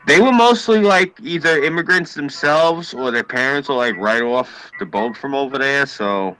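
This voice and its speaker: A man on a casual podcast, telling a family story in a profane, animated way. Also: mid-range voice, normal speed, soft background music, poor audio.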